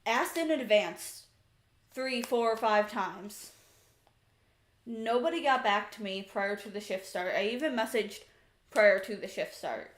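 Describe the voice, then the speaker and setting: Chatty woman streamer in an echoey room. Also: mid-range voice. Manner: chatty, exasperated, animated retelling. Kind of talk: casual storytelling on a livestream. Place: home room with a couch.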